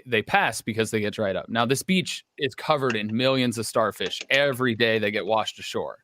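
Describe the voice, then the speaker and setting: A man co-hosting a charity livestream, telling a story in a calm, earnest, steady way. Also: on the low side, slight background noise. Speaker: livestream co-host.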